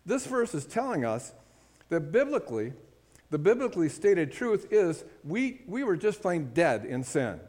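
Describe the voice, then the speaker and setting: A man's voice: sits high, very animated, unhurried, a little mellow. A man preaching a sermon, speaking emphatically and calling for amen from the congregation. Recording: hall with long reverb.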